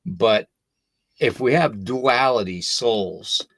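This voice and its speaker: A man's voice: medium pitch, takes it slowly, fairly bright tone, no echo. An older man hosting a paranormal podcast livestream, tired and a little out of breath, chatting loosely and greeting viewers by name. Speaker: podcast host. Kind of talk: casual livestream talk.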